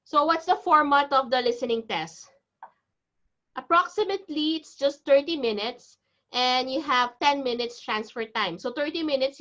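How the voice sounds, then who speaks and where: A woman's voice: fairly high pitch, a bit bright. Reassuring woman teacher on a video call. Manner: chatty, reassuring, explaining step by step. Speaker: IELTS teacher. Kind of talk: online class lecture. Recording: dull video-call audio.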